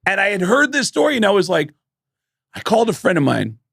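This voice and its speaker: A man co-hosting a podcast, telling animated stories with plenty of swearing and acted-out quotes. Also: sits high, brisk, vocal fry, slightly rough, dry recording, studio quality. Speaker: podcast co-host. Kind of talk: casual storytelling chat.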